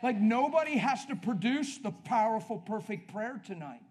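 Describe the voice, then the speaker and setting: High-voiced energetic male preacher. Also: normal speed. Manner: energetic, conversational, coaching the crowd with questions. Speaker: preacher leading a healing service. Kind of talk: sermon.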